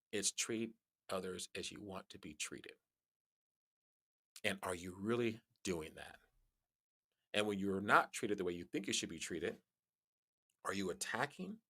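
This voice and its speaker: A man guest on a podcast, telling stories in casual conversation, animated and laughing as he talks, often restarting his sentences. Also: gravelly. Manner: animated storyteller, jumps high in pitch on quoted lines; frequent restarts and laughs while talking.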